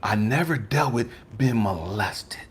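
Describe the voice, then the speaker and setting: A man's voice: fairly low pitch, animated, unhurried, slight background noise. A man, a life coach, giving an impassioned personal testimony in an emphatic, profane, raw and confrontational way. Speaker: life coach and motivational speaker.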